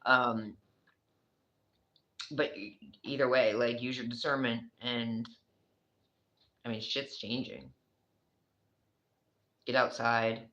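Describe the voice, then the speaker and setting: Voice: mid-range voice, fairly even intonation, slow, long pauses, pushed and bright, dull audio. A speaker with a New York accent giving a casual, rambling tarot reading, chatty and swearing freely. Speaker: tarot reader.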